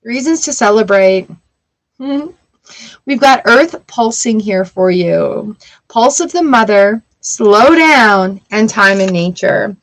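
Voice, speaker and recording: A woman's voice: mid-range voice, lively intonation, slow, poor audio. A woman reading tarot cards for a live audience, chatty and upbeat, greeting viewers by name between cards. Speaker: tarot reader.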